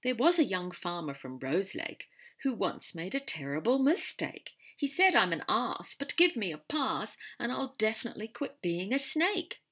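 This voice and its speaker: A woman's voice: mid-range voice, big pitch swings, normal speed, a bit bright, voice pushed up. A woman reading aloud and voicing a theatrical young man who declaims clumsy verse to win back his mate. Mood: declaiming. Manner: showy, declaiming.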